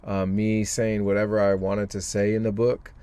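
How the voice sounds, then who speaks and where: A man's voice: on the low side, little pitch movement, moderate pace, warm tone, smooth. A man, a guest author on a podcast, speaking earnestly and thoughtfully with many fillers. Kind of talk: podcast interview.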